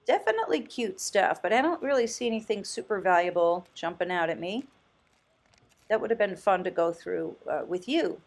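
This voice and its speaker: A woman vlogging casually as a thrift host, chatty and enthusiastic, often exclaiming and thinking out loud. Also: medium pitch, expressive, moderate pace, vocal fry. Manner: muses aloud, thinking out loud. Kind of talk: casual vlog commentary.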